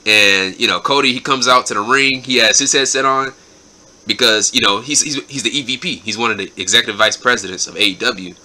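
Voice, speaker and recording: A man's voice: medium pitch, fairly quick, sharp tone. A man hosting his own show, giving a casual, enthusiastic spoken recap and often repeating his words. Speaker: show host reviewing wrestling episodes.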